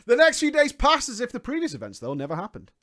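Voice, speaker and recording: A man's voice: very high voice, wildly swooping pitch, quick pace, fairly bright tone. A man reading a story aloud and breaking into mocking asides, laughing often as he comments.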